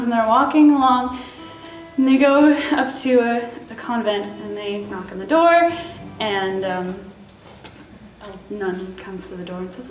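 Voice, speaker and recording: Giggly young woman chatting on stage. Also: on the high side. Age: 20s. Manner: giggly, rambling, self-deprecating. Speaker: student performer introducing songs. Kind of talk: casual stage banter. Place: recital hall on stage. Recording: roomy live recital from far off.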